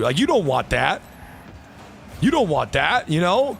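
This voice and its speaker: A man's voice: a little high, sing-song, a little slow, vocal fry, fairly bright tone, slight background noise. A man livestreaming a game, talking to chat in frustrated rants and swearing freely. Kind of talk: gaming livestream commentary.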